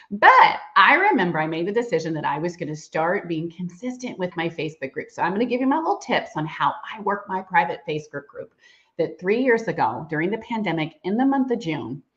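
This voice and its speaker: A middle-aged woman giving a livestream sales training, bubbly and chatty, laughing often. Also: lowish voice. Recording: dull lo-fi livestream audio.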